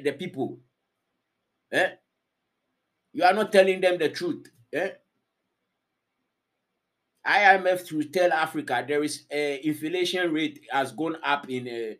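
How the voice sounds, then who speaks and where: Rambling slangy man on a live stream. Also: on the high side. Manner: loose, rambling, repeats himself, slangy. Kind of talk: casual live-stream chat.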